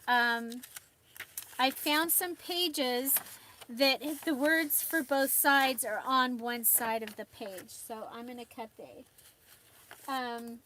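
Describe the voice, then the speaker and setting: Chatty high-voiced woman live-streaming crafts. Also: takes it slowly, sharp tone, slight background noise. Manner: chatty, laughs often, greets viewers by name. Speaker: livestream host. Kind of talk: casual live-stream chat. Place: home craft desk.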